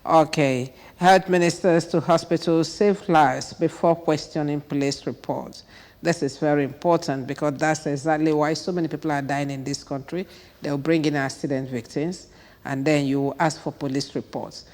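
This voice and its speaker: A woman hosting a TV newspaper review, her voice rough from a cold, reading headlines aloud with short pointed asides. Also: low-pitched, steady tone, normal speed, darkish tone, big-room sound. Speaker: TV morning show host.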